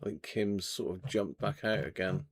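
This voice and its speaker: Bloke on a livestream, bit of fry in his voice, chatty and jokey. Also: deep voice, moderate pace. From Devon, England. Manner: chatty, jokey, reads out viewer comments. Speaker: livestream host. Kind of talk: casual live chat. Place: home radio workshop.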